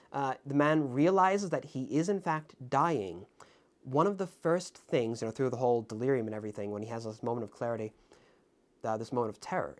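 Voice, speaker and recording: A man hosting his own film review video, talking to camera in a reflective, halting way with many fillers and restarts, earnest and openly moved. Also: a little high. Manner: ornate formal sign-off. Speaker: film review channel host. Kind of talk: casual spoken film commentary to camera. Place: indoors in front of a camera.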